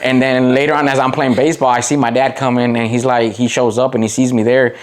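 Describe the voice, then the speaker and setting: A middle-aged man from the Waukegan area, speaking at an ordinary pitch for a man. He tells long, rambling stories full of fillers and restarts. He gets animated whenever he quotes someone. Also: fast. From Waukegan area, Illinois. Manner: rambling, many "like" fillers and restarts, animated when quoting people. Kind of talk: casual interview storytelling.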